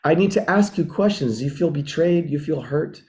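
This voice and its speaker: Man, relationship mentor, earnest teaching talk, reflective, restates phrases, fairly high voice. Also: animated, normal speed, a little mellow. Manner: reflective, repeats and rephrases, acts out sample dialogues.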